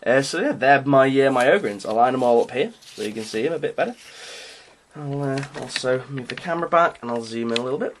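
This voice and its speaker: This is casual show-and-tell narration: a man presents his hobby miniatures with an amused, self-deprecating tone, rambling hesitantly through many ums and restarts. His medium-pitched voice is lively and quick, with a little hiss or hum in the recording.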